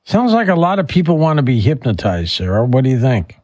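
A man hosting a radio talk show in a relaxed, conversational way, taking listener calls. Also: mid-range voice, a little fast, no echo, studio quality.

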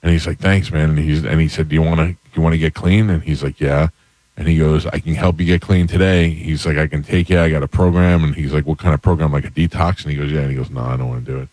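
A man's voice: rumbling low, fairly even intonation, quick pace, a little mellow, no echo. A man hosting a radio talk show, telling stories and acting out the dialogue in casual chat. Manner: storyteller acting out quoted dialogue.

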